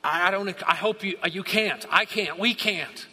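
A man preaching a sermon, moving between hushed asides and shouted bursts of awe. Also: high-pitched, moderate pace, husky. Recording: long hall reverb.

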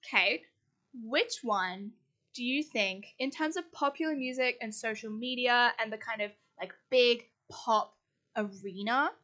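Bright-voiced young woman co-hosting a podcast. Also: a little high. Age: young adult. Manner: quick, giggly, rambling explanations. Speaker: podcast co-host. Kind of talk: casual chat.

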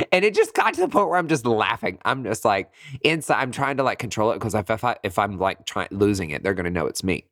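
A podcast host telling a comedic personal story in a chatty, animated way, laughing often. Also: mid-range voice, no room sound, studio quality.

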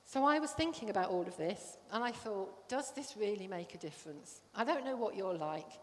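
A woman's voice: medium pitch, expressive, brisk. A middle-aged woman giving a sermon, telling a personal story in an earnest way. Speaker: church speaker. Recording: long hall reverb.

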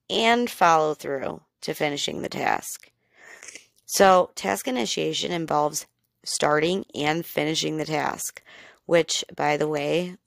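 A woman's voice: low-pitched, creaky, dry recording. A woman hosting a podcast, explaining things in a candid, chatty, self-deprecating way. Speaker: podcast host. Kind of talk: casual educational podcast.

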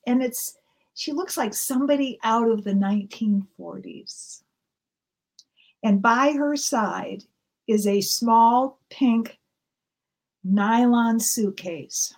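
Woman, pastor, sermon story, gentle, slow, higher voice.

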